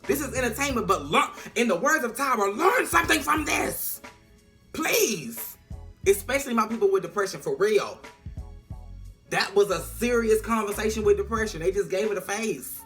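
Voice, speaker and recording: A woman recapping a TV episode in a sassy, slang-heavy, animated way. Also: mid-range voice, moderate pace, faint music behind. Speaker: TV episode reviewer. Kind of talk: casual recap vlog.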